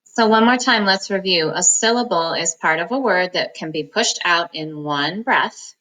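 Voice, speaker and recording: A woman reading teacher giving a phonics lesson, slowly breaking words into syllables and sounds in a patient, encouraging manner. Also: fairly low pitch, bright, forceful tone, poor audio.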